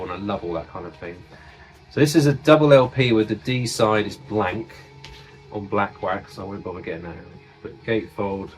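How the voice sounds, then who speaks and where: A man from the United Kingdom casually showing off his record collection, enthusiastic and swearing freely. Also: lowish voice. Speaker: music collector vlogger.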